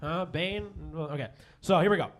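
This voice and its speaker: A man doing a stand-up comedy set, self-deprecating and halting, with many fillers and restarts. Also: fairly high pitch, faint music behind. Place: comedy stage before a live audience.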